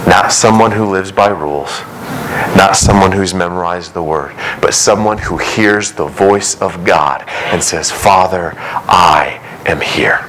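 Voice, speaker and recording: A middle-aged man preaching a sermon as pastor, earnest and emphatic, his pace shifting from quick runs to slow, stressed words. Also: low voice, a bit bright, a little hiss or hum, low-quality recording.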